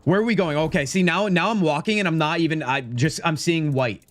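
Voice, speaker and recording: A young man giving excitable, chatty live commentary while playing a game, often talking to his chat and saying "dude". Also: a little high, fairly quick, dry recording. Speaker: streamer.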